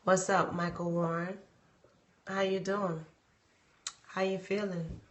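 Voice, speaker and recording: A woman's voice: fairly low pitch, level tone, slow, echoey room. A woman talking casually on a live stream, rambling and addressing her viewers. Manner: dramatic mock wailing, shouting and fake crying; loose, rambling, talks to viewers.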